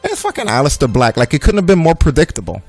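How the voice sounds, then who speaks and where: A young man co-hosting a game stream, telling a story in an animated, profane rant. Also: fairly high pitch, quick pace, soft background music. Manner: ranting, swears freely, animated storytelling. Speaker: streamer and co-host. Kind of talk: casual chat during a game stream.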